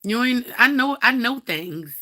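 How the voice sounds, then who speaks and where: A woman's voice: on the high side, animated, unhurried, bright, forceful tone, no room sound, studio quality. A young woman, ranting casually on a phone livestream and scolding her cat. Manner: blunt, profane, talks to her cat and viewers.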